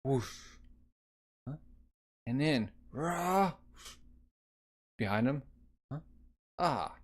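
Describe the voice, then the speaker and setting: A man's voice: medium pitch, expressive, drawn-out words. A man casually reading a manga aloud, narrating the action and speaking the sound effects. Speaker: manga reader.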